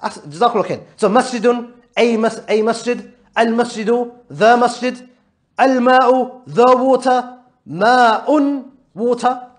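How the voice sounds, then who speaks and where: A man's voice: very high-pitched, unhurried. A man teaching a live Arabic grammar class, patiently quizzing his students and mixing English with Arabic terms. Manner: patient, drills students with repeated questions.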